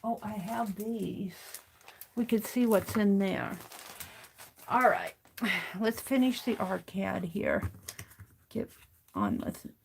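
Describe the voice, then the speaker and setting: A woman hosting a crafting livestream, talking slowly and muttering to herself as she works, then greeting her chat. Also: medium pitch, creaky, slight background noise. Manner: slow, muttering to herself while working, greets chat warmly. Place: home craft studio.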